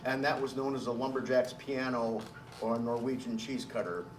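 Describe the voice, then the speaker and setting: A man's voice: mid-range voice, little pitch movement, normal speed, a little hiss or hum. A man, a folk singer and storyteller, talking in a folksy, colloquial way during a live music program for an audience. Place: live performance space with audience. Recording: roomy live recording, mic at a distance. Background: banjo and dulcimer playing.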